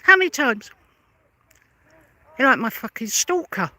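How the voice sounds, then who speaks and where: A woman rants straight at her detractors in a vlog, sarcastic and combative, hammering the same questions again and again. Her voice is sharp and tense, and the recording is dry and close with no room sound. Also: on the high side, big pitch swings, measured pace, no echo. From London. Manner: confrontational, sarcastic, repeats pointed questions. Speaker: vlogger. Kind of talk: angry rebuttal rant to camera.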